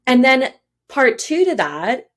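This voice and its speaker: A woman hosting a podcast, reacting to her guest in an effusive, expressive way. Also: sits high, slow. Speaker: podcast host. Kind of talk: casual interview chat.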